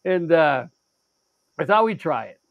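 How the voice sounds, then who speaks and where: A man with a high voice tells stories in casual chat, animated and salty, full of stammered repeats and quick restarts. His voice sits close and dry, with no room around it. He leaps between calm stretches and bursts of excitement. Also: dry recording, phone-quality sound. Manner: animated, profane, acts out quotes with big pitch jumps. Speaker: show regular.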